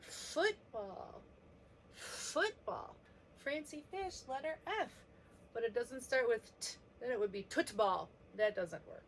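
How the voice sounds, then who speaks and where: A woman teaching a preschool letter lesson, gently sounding out each letter for young children. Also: a little high, lively intonation, normal speed, a little hiss or hum.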